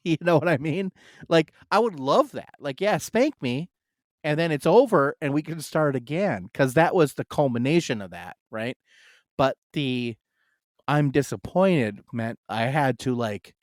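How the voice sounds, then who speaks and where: A man's voice: medium pitch, no echo. Brief: adult male co-host, loose rambling storyteller, mid-range voice, dry close recording. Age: adult, married. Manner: rambling and storytelling, full of "like" fillers. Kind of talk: casual chat.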